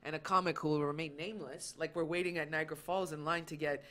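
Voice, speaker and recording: A woman comedian chatting casually as a guest, telling anecdotes in an animated way and acting out the lines of the people in them. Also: low voice, quick pace. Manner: animated storytelling, acts out quoted lines. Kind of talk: casual chat.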